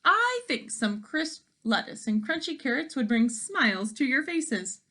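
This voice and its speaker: A woman's voice: sits high, very animated, unhurried, pushed and bright, pitched above the performer's own voice, heavily acted. A woman voicing a pushy, helpful female rabbit in a storybook read-aloud, earnest and coaxing.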